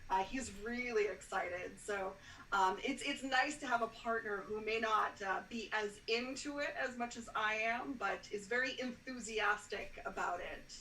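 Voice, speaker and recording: A woman's voice: a little high, normal speed, sharp tone. A woman guesting on a podcast, chatting enthusiastically with lots of fillers. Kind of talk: casual chat. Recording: roomy, distant mic with faint noise.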